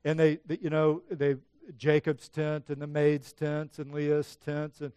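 A man with a fairly high, smooth and resonant voice preaching a sermon. He teaches in a relaxed, conversational way and acts out the passages he quotes. The sound is dry and close, with no room echo. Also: measured pace. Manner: conversational Bible teaching, dramatizing quoted lines. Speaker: pastor.

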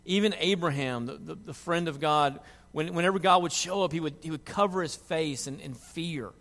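A man's voice: on the high side, moderate pace, a bit bright, big-room sound. A man preaching a sermon as pastor, earnest, often repeating words as he restarts his sentences.

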